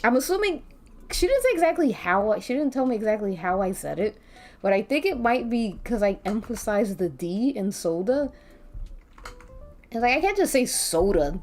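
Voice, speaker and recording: Faint background music accompanies a woman who chats on a live stream as she draws, her mid-range voice carrying a darkish tone. She rambles, lets the occasional swear slip, giggles, and hums to herself.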